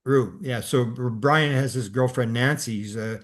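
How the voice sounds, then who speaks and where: An older man with a medium-pitched voice hosts a podcast, telling a long story at an unhurried pace. His casual telling rambles, full of restarts and filler words.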